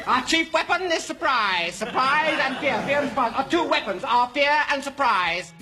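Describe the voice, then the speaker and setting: A man's voice: very high voice, expressive, moderate pace, over music. A man playing a fanatical inquisitor who keeps tripping over his own words. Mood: frantic. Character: fanatical shouting male inquisitor.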